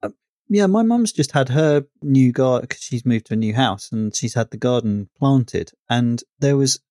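Male podcast co-host, easygoing chatty manner, medium pitch, dry recording. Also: animated, mellow, no echo. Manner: easygoing, chatty, quick reactions. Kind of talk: casual chat.

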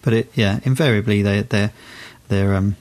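A man's voice: on the low side, steady tone, normal speed, a little mellow. A man co-hosting a podcast, chatting casually and rambling with lots of restarts and fillers. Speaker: podcast co-host. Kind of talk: casual chat.

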